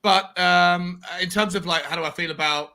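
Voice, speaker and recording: A man co-hosting a live football watchalong chat in an excitable way. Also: high voice, moderate pace. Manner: excitable, laughs easily. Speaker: co-host.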